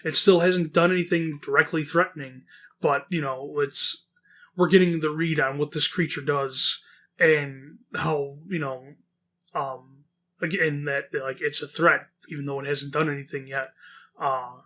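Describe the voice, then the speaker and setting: A male horror story narrator with a bright, forceful voice pitched a little high. He mixes casual reading with rambling commentary, full of fillers and frequent swearing. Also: steady tone, a little slow. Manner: chatty, rambling, heavy swearing.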